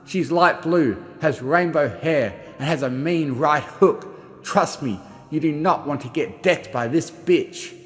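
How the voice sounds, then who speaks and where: A man narrating a first-person journal as an audiobook, reading expressively and shifting between gruff and frightened delivery. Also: medium pitch, fairly bright tone, long reverb tail. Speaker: audiobook reader.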